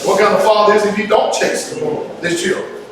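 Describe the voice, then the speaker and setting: A man pastor giving a lively, playful sermon, teasing the congregation and calling for responses. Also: sits high, brisk. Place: church. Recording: echoey church room from far off, noisy.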